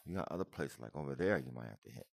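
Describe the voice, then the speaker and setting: Male vlogger, low rough voice, emotional repetitive reaction talk. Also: expressive, very fast, dry recording, clean studio sound. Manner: emotional, repetitive, addresses viewer as man and brother. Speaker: video commentator reacting to footage. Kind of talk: casual reaction commentary.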